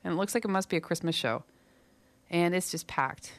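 A young woman hosts a campus radio show, chatting loosely between songs and laughing at her own slips. Her voice is on the low side with a gravelly edge. She sounds a little out of breath, close on a dry studio microphone. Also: fairly quick, no echo. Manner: chatty and rambling, self-correcting, laughing at herself. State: slightly out of breath. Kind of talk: casual on-air chat between songs.

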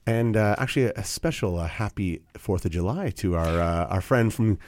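A man's voice: fairly low pitch, animated, moderate pace, darkish tone, no echo. A man with a Canadian accent hosting a live radio show, chatting casually with fillers and restarts. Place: radio studio.

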